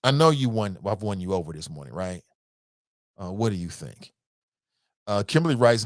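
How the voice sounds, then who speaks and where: A man's voice: medium pitch, lively intonation, moderate pace, dry recording. A male talk show host speaks in a casual, slangy way, swinging his voice up and down as he makes his points. He repeats himself for emphasis and laughs easily. The sound is dry and close to the mic. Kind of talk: call-in show commentary.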